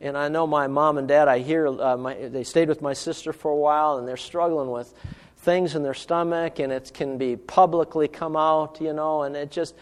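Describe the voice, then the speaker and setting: Middle-aged male pastor, earnest sermon delivery, slightly high voice, long reverb of a hall. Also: darkish tone. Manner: earnest, rises in pitch and slows for emphasis when reading scripture.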